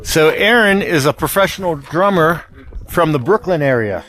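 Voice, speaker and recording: High-voiced excitable Pittsburgh man. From Pittsburgh, USA. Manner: excitable, jokey, rapid-fire questions. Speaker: travel show host. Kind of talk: enthusiastic on-location interviewing. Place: outdoors in the snow.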